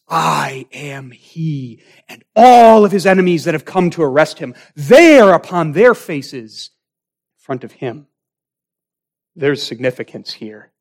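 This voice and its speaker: A man delivers a sermon in a slow, deliberate cadence. His voice sits high for a man. He leans hard into key words, then drops almost to a murmur, building drama line by line. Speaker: preacher.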